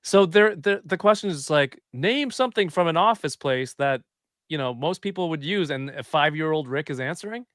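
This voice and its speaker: A man's voice: on the high side, lively intonation, moderate pace, a bit bright, dry recording, clean studio sound. A man co-hosting a podcast, joking and teasing the others in casual chat. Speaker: podcast co-host.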